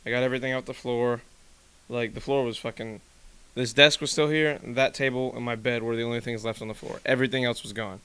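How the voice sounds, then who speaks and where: A young man hosting a casual podcast from his home room, telling stories in an animated way and swearing freely. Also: mid-range voice, a little fast, smooth. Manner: animated storytelling, swearing, laughing. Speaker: podcast host. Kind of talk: casual chat.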